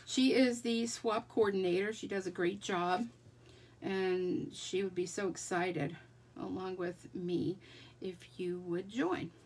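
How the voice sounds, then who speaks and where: Slow, gravelly-voiced crafting woman. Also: medium pitch, fairly even intonation, darkish tone, a little hiss or hum. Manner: chatty, talks to herself while working. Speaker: card-making demonstrator. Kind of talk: live craft demonstration.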